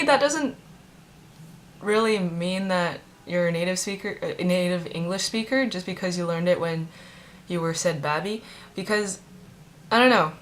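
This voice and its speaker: A woman's voice: on the low side, a little hiss or hum. A young adult woman and native Chinese speaker, telling rambling, chatty stories in a casual vlog with many fillers. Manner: chatty and rambling, heavy use of "like". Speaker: vlogger.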